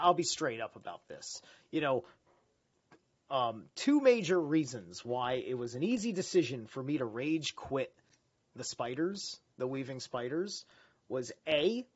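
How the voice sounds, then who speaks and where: This livestream host has a mid-range voice captured in lo-fi sound. He reads philosophy aloud, drifting into candid rambles between passages, with frequent swearing and restarts.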